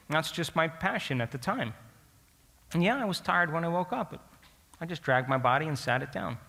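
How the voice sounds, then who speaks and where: A man giving a storytelling lecture to an audience, speaking in an animated way and often asking the listeners questions. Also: medium pitch, vocal fry, big-room sound.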